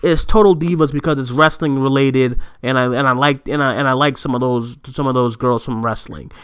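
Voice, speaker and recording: Recorded remotely, a movie news podcast co-host rants through casual chat, swearing and laughing a lot. His mid-range voice is clear and resonant, and he talks fairly quickly with animated energy.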